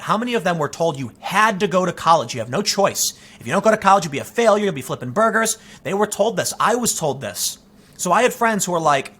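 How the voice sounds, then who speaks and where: Male host, 30s, animated storyteller; bright, fairly high voice for an off-the-cuff opinion monologue. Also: husky. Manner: animated, storytelling with quoted asides and restarts. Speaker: political commentator host.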